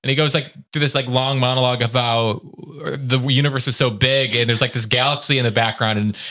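A man's voice: medium pitch, steady tone, brisk, bright, forceful tone. A man chatting casually about a comic, rambling with many fillers and restarts. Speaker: podcast co-host discussing a comic. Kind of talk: casual chat.

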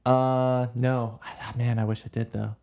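Young male co-host, casual podcast banter, mid-pitched, playful and jokey, laughs easily. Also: flat delivery, measured pace, vocal fry, a little mellow, smooth. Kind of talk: casual chat.

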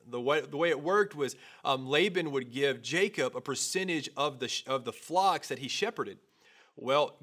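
A man's voice: on the high side, pushed and bright. A young man preaching a sermon, opening with a personal story in a casual, conversational way. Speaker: pastor.

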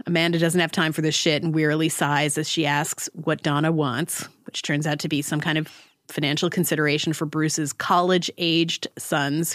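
A woman's voice: sits low, no echo, clean studio sound. A woman podcast co-host recapping a TV episode with wry, sarcastic asides. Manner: wry, sarcastic, laughs often.

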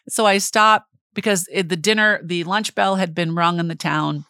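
A middle-aged woman tells a story in a quick, excitable rush of words, often breaking into laughter. Her voice sits somewhat low for a woman. The recording is close and dry, with no room sound. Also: no echo. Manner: excitable, fast-talking; laughs often while telling stories. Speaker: podcast co-host. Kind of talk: storytelling in casual chat.

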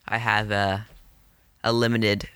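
A man's voice: on the low side, flat delivery, slow pace, pushed and bright, smooth, no room sound. A man co-hosting a casual chat, modest and agreeable. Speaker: podcast co-host, game master.

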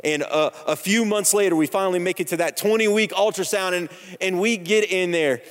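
A man's voice: high-pitched, brisk. A man in his thirties preaching a sermon in a church, telling a personal story in a conversational, joking way. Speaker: pastor. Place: church sanctuary. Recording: long hall reverb.

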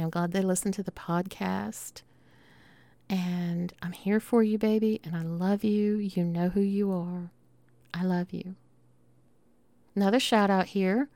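A woman's voice: mid-range voice, a little mellow, dry recording. A middle-aged woman with a Southern accent hosting her podcast in a chatty, affectionate, rambling way. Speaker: podcast host. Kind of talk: casual monologue.

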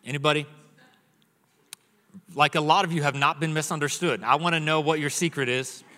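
A man in his thirties delivers a humorous sermon from the stage of a church auditorium. His voice sits a little high and rings bright, and it carries a long hall reverb. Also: fairly even intonation, brisk. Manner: joking storyteller, acts out his son's voice. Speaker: pastor.

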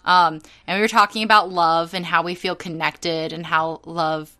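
A woman's voice: lowish voice, flat delivery, moderate pace, pushed and bright, slight background noise. A young woman co-hosting a casual podcast, telling rambling stories with lots of fillers and restarts. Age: young adult. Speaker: podcast co-host.

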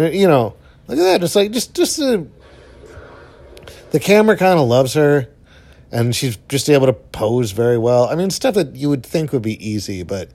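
A young man giving casual, rambling movie commentary while watching, full of fillers and offhand swearing, his voice jumping up when excited. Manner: enthusiastic, pitch jumps up when excited. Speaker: film commentator.

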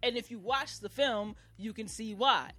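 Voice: medium pitch, normal speed, sharp tone, no echo. A co-host in a casual group chat who explains things at length in loose, emphatic slang. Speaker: podcast co-host.

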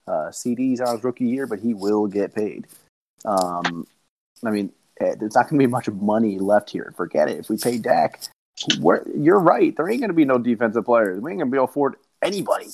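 A young man talking casually on a podcast, rambling and excitable as he tells stories. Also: mid-range voice, fairly quick, gravelly. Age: young adult. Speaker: podcast co-host. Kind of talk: casual chat.

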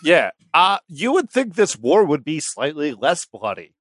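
A man jokes deadpan on a comedy podcast. His voice sits a bit high and moves around a lot. The recording is dry and close. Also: measured pace, dry recording. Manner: deadpan wisecracks. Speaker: podcast co-host. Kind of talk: casual comedic banter.

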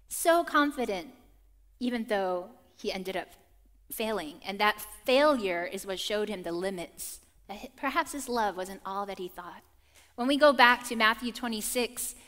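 Animated woman preacher in reverberant hall. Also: a little high. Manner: animated storytelling, acts out quotes. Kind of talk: sermon with personal stories. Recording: long reverb of a church hall.

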